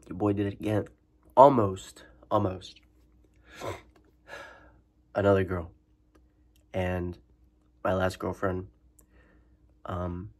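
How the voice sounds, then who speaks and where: Low-voiced young man venting, profane. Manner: loose and profane, heavy fillers like "like" and "you know"; agitated, venting anger. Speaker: vlogger giving a life update. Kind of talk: casual rambling storytelling.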